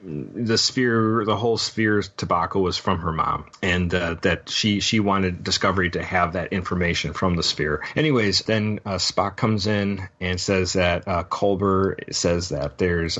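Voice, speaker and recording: A man with a very deep voice talks through a show recap in a loose, meandering podcast chat, stopping often to fill gaps with ums and uhs. The sound is dull and lo-fi. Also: fairly even intonation, unhurried, a bit bright. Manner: rambling, full of ums and uhs. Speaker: podcast host. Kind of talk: casual episode recap.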